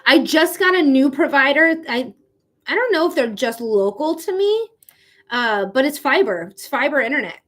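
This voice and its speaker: A woman's voice: high-pitched, lively intonation, normal speed, fairly bright tone. A young woman doing a live-stream tarot reading, chatty and casual, swearing freely, laughing often and talking straight to her viewers. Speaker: psychic tarot reader.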